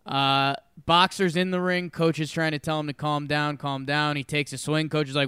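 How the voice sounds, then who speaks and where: Man, slightly high smooth voice, animated co-host storyteller, dry close sound. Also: normal speed, hardly any pauses, dry recording. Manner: animated, acts out quoted voices. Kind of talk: casual chat.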